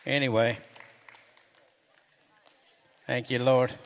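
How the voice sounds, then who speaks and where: A middle-aged man, a pastor preaching a sermon in a church and telling folksy stories, getting loud and animated when excited. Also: medium pitch, normal speed. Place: church sanctuary. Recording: echoey hall with long reverb.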